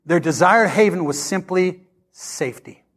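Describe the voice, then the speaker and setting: A pastor delivering a sermon, reading scripture dramatically and preaching with passion. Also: male voice, sits high, lively intonation, unhurried, husky.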